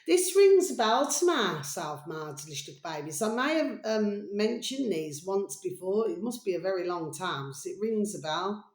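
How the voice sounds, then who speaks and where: A woman's voice: medium pitch, sing-song, moderate pace, hardly any pauses, roomy sound. A woman hosting a chatty, rambling vlog, calling her viewers "babies" and drifting between topics. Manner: rambling, affectionate, calls viewers "babies", hums and sings snatches. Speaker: video host.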